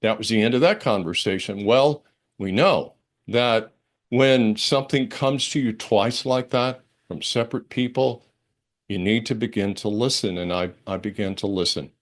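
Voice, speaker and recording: An older man, a minister, telling a personal story during a church sermon, expressive and conversational, dropping to a hush and rising with excitement. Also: fairly low pitch, moderate pace. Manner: expressive, dramatic storytelling with big swings between hushed and excited; conversational, with fillers and restarts. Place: church service.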